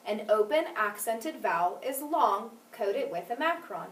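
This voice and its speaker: A woman teaches a phonics lesson in a clear, deliberate manner and stresses each example word as she says it. Her voice sits a little high and moves up and down a lot. The sound is roomy and echoing, picked up from some distance off the mic. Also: lively intonation. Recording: echoey room, mic at a distance.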